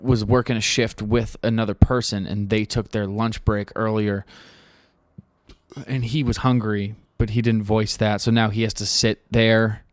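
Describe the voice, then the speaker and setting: Low-voiced rambling podcast host. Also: male voice, no room sound, clean studio sound. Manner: rambling, profane, full of fillers. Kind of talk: casual podcast monologue. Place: studio.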